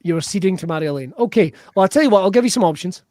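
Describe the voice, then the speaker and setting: Excitable giggly guy hosting a comedy show on a video call, high voice, dry close sound. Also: very fast, no room sound. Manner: giggly, excitable, swears playfully. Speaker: host.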